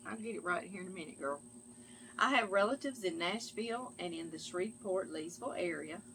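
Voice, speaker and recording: A middle-aged woman who hosts a cooking channel reads viewer mail in a chatty, affectionate way, often calling listeners "girl" and "y'all." Her voice is lowish, gravelly and fairly bright, and she talks fairly quickly over slight background noise.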